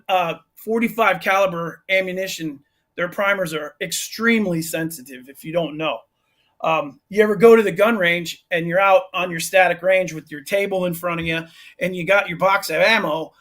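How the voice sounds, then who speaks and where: High-voiced man telling a rambling story. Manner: animated, rambling anecdote with restarts. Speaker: gun shop owner and firearms instructor. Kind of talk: casual storytelling in a podcast interview.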